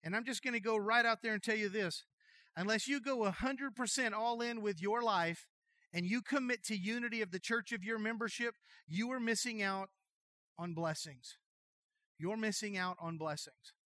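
High bright-voiced pastor preaching. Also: male voice, normal speed, no echo. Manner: folksy storytelling, animated, jokey asides. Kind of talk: sermon.

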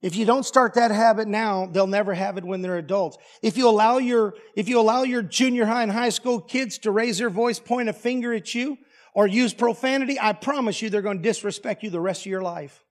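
High-voiced folksy preacher man. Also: a little fast. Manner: folksy, plainspoken and humorous. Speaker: pastor. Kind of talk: storytelling sermon.

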